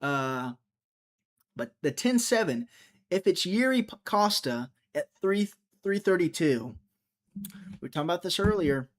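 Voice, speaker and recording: A man's voice: high-pitched, sing-song, measured pace, long pauses. A man hosting a casual livestream, rambling and joking as he answers viewers' chat comments. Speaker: livestream host.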